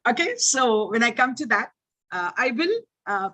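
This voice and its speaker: An older woman with an Indian English accent, giving an online lecture and answering questions in an animated, teacherly way that keeps checking in with her listeners. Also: a little high, normal speed. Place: online video meeting. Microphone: video call.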